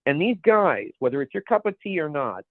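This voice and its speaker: A man's voice: a little high, very animated, a little fast, dry recording. A man co-hosting a podcast in casual chat, rambling and searching for words as he goes. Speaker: podcast co-host. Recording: dry, phone-like narrow sound.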